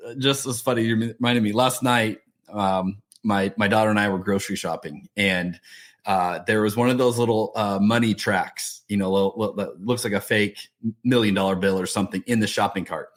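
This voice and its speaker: A middle-aged man hosting a podcast, asking questions and telling stories in a conversational, animated way. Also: on the low side, fairly quick. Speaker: podcast host. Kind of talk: podcast interview.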